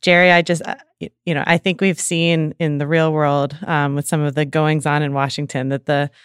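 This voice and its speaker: A woman speaks as a podcast guest, measured and pausing on fillers. Her voice is smooth and clear, and she keeps her pitch level. The recording is dry. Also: flat delivery, no room sound. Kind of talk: casual chat.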